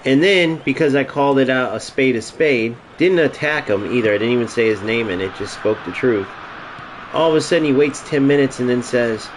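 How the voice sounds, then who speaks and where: Guy streaming, venting at chat, lots of swearing, mid-pitched voice, faint hum behind. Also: fairly quick, poor audio. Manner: ranting, profane, talks to chat. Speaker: gaming streamer. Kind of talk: casual live-stream chat.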